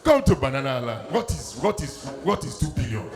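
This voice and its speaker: Guy putting on a snooty rich man voice, low and quiet, talking down. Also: huge pitch swings, brisk, echoey room, over music. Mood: smug. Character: smug condescending wealthy man.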